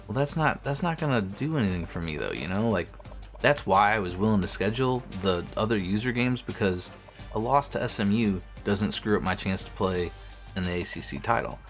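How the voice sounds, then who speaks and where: A man's voice: on the low side, lively intonation, brisk, soft background music. A young man streaming a sports video game, talking casually to himself, swearing freely and restarting his sentences. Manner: talks to himself while playing, swears often, restarts sentences. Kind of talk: casual gameplay commentary.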